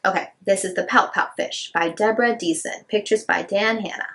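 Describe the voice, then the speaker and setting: A woman's voice: medium pitch, normal speed, a bit bright, a little hiss or hum. A woman reading picture books aloud to young children in a sing-song, rhyming way, chatting a little between books. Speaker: children's storyteller.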